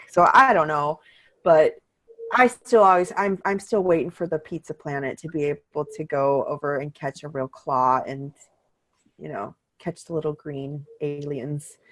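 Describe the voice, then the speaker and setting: A middle-aged woman co-hosting a podcast, chatting casually and telling animated, upbeat stories. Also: low-pitched, moderate pace. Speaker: podcast co-host. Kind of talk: casual chat.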